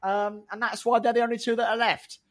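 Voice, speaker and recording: A man's voice: extremely high pitch, flat delivery, a little fast. A man co-hosting a podcast in casual, jokey banter. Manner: jokey, slips into comic impressions. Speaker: podcast co-host.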